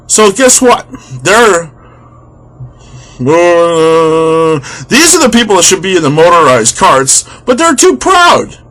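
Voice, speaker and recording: Young male vlogger, fairly high voice, exasperated comedic rant. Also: sing-song, slow, fairly bright tone. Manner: exasperated, sarcastic, swears freely.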